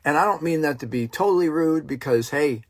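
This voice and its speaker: Husky, blunt actor ranting to viewers. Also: male voice, a little high, fairly quick, dry recording. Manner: blunt, heated, profane, rambling with asides to viewers. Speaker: working actor and online host. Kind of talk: casual livestream rant.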